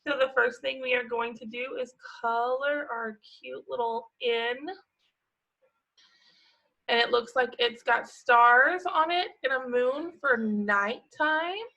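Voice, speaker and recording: Woman, preschool teacher, fairly high voice, patient and encouraging. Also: steady tone, gravelly, bright, forceful tone, dull audio. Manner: slow, patient, sing-song and encouraging. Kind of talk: teaching a worksheet to young children.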